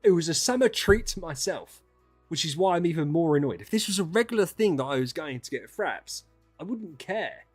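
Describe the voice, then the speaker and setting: A man streaming casual chat with viewers, ranting and swearing, dropping to mutters and then rising to loud outbursts. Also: a little high, animated, fairly quick, breathy edge, soft background music.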